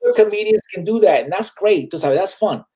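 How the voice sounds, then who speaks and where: A man's voice: high voice, lively intonation, quick pace, mellow, husky. Chatty Puerto Rican man. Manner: switches freely between English and Spanish, many fillers. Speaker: guest comedian. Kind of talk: casual interview chat.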